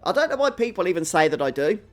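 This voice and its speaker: A man's voice: high voice, big pitch swings, fast. A young man with a Birmingham accent commentating a live game stream, chatting with viewers in a self-deprecating, laughing way. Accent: Birmingham (Brummie). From England. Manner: chatty, reads and answers chat viewers.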